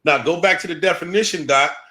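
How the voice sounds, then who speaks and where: Bright, emphatic man lecturing. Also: on the high side, fast. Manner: emphatic, repeats key points. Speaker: guest presenter. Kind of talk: livestream talk.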